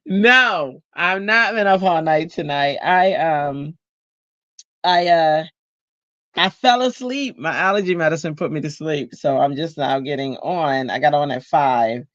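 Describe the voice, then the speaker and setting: A man's voice: on the high side, measured pace, fairly bright tone, no room sound, muffled recording. A man, chatting casually and rambling with lots of fillers while he makes cards on a livestream at home. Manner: chatty, rambling, greets viewers, many fillers. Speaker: card-making livestream host.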